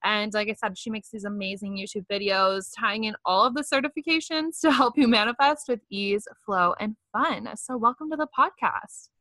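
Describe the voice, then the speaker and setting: A woman hosting a podcast, chatty and effusive, quick to agree with her guest and laugh along. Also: medium pitch, sharp tone, dry recording. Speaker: podcast host. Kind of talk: casual podcast interview.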